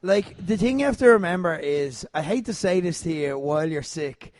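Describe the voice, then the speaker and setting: Male host, high-pitched, under the weather, chatty and giggly. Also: lively intonation, moderate pace, a little mellow, no echo. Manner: chatty, laughs often, trails into asides. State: unwell, voice failing. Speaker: podcast host. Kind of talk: casual chat.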